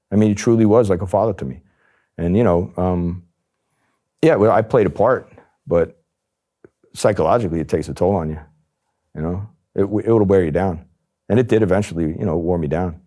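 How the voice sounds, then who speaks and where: Middle-aged man, from New Jersey, low voice, dark tone, interview storytelling. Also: brisk. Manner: animated, acts out quoted voices. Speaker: former undercover agent.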